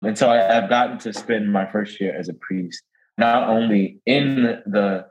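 A man's voice: lowish voice, unhurried, rough recording. Laughing New Orleans man telling stories. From New Orleans, Louisiana. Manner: warm storytelling, laughs often, animated quoting. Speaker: guest priest. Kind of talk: casual interview chat.

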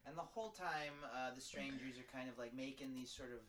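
A man's voice: mid-range voice, fairly quick, a bit bright, a little hiss or hum. A man co-hosting a podcast, recapping a film with wry, self-deprecating jokes. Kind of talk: casual chat recapping a film.

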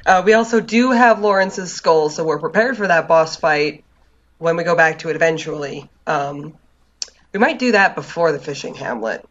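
A podcast co-host recapping their week in a relaxed, dry way with many fillers. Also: mid-range voice, moderate pace, dull audio. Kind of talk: casual chat.

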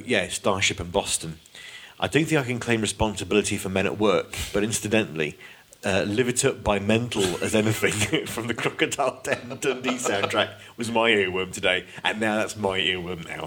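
A man's voice: lowish voice, moderate pace, fairly bright tone, slightly rough. A British man co-hosting a podcast, chatting easily, reading out listener questions and laughing often. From Britain. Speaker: podcast co-host.

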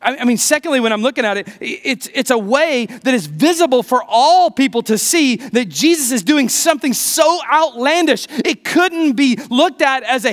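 Animated high-voiced male preacher. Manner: conversational, animated, jokey asides to the congregation. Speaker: pastor. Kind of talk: sermon.

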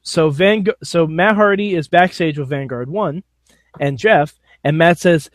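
A man co-hosting a podcast, recapping a wrestling show in casual, animated, jokey chat and laughing often. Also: a little high, measured pace, dry recording.

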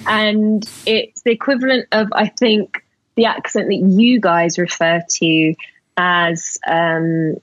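A woman's voice: fairly low pitch, steady tone, slow, no echo, highs cut off. A woman from Essex with a polished southern English accent, a podcast guest chatting with an easy laugh and a self-deprecating manner. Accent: southern English, elocution-trained. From Essex, England. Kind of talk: conversational interview.

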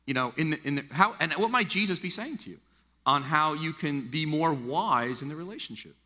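A middle-aged American man preaching a sermon, animated and acting out the voices he quotes. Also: on the high side, brisk. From United States. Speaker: pastor. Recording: long hall reverb.

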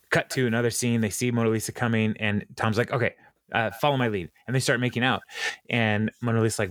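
A man hosting a podcast, retelling a TV episode in casual chat, with many ums and quick laughs. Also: lowish voice, fairly bright tone, no echo. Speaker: podcast host recapping a TV episode.

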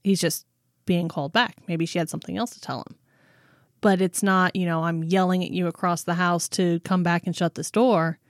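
Low-voiced woman co-host, eager. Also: level tone, fairly quick, dry recording, clean studio sound. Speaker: podcast co-host. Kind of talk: casual chat.

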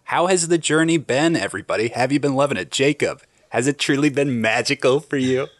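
A man's voice: medium pitch, brisk, no echo. Man hosting a podcast, dry sound. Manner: upbeat, joking banter. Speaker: podcast host. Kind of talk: casual chat.

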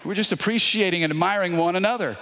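A middle-aged pastor with a Louisiana accent preaching in a fairly high voice. He tells a personal story with repeated words and keeps calling out to the congregation. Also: fast talker, bright, forceful tone. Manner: storytelling with repetitions and crowd call-outs. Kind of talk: sermon.

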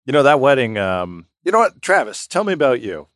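A man's voice: mid-range voice, very animated, brisk, a bit bright, no echo, studio quality. A man hosting a podcast outdoors, rambling in casual banter with many fillers. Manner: loose, rambling, with frequent "uh" fillers. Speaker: podcast host.

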